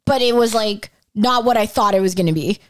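A woman in her thirties co-hosting a podcast, relaxed and laughing easily in casual chat. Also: mid-range voice, fairly quick. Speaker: podcast co-host.

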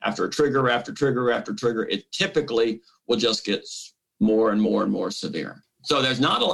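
A man's voice: medium pitch, expressive, brisk, gravelly, hardly any pauses, fairly bright tone, slightly rough, low-quality recording. A man being interviewed as a behavior analyst, giving plain, direct, instructive advice. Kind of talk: interview answers.

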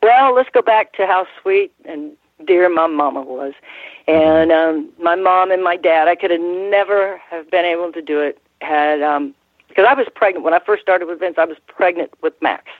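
An older woman, a guest in an interview, telling stories in a rambling, halting way with frequent restarts and laughs. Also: lowish voice, dry recording. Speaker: guest, former ring announcer. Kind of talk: casual interview storytelling. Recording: tinny phone line.

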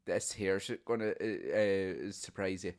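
A man's voice: low-pitched, a little slow, darkish tone. A young man co-hosting a casual podcast, blunt and swearing heavily. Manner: blunt, heavy swearing, storytelling. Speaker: podcast co-host. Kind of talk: casual chat.

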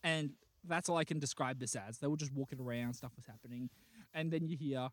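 A man's voice: mid-range voice, a little fast, no room sound. A man, a podcast host animatedly retelling a dream and acting out voices. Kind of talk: casual chat, retelling a dream.

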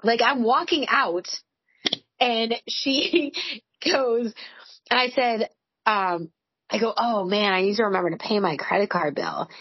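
A woman in her forties chats as a podcast co-host. Her voice sits a bit high and husky, and she tells stories candidly, with lots of "like" and the odd swear. It sounds like a dry, slightly dull home recording. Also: measured pace, no echo. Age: 40s. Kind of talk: casual chat.

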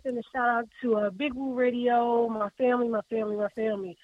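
A man joining the show, chatting enthusiastically and giving shout-outs. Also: very high voice, little pitch movement, fast, no room sound. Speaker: co-host judge. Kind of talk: casual chat. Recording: tinny phone-like line.

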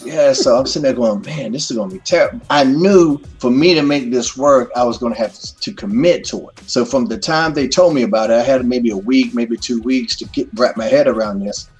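A middle-aged man telling stories as a guest in a casual interview, animated and full of profanity. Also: mid-range voice, moderate pace, hardly any pauses, soft background music.

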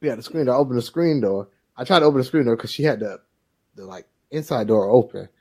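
A man's voice: mid-range voice, quick pace, husky. A man co-hosting a podcast, telling a childhood story in casual chat and acting out the voices of the people in it. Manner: animated storyteller, acts out quoted voices. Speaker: podcast co-host.

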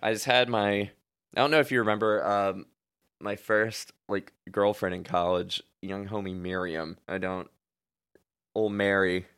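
A young man with a fairly low voice tells a story in relaxed, casual conversation. He leans on filler words and swears freely, growing animated as the story builds. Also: measured pace, smooth. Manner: laid-back, heavy filler words, swearing, animated when retelling.

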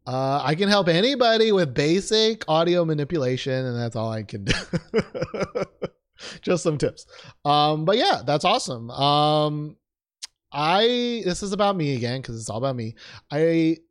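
A man's voice: fairly high pitch, very animated, unhurried. Joking, laid-back man on a podcast. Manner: joking, self-deprecating, lots of fillers and laughs. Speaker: podcast co-host. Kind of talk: casual podcast chat.

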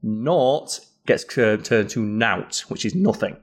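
A man's voice: on the low side, lively intonation, slow. A man, co-hosting a casual podcast chat and explaining slang with playful acted examples. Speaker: podcast co-host.

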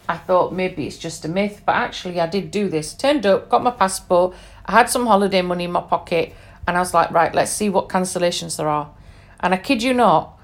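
A middle-aged woman with a British accent speaks in a casual, storytelling monologue. She talks chattily and candidly, with ums and little asides to the listener. Her voice sits at an ordinary middle pitch. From England.

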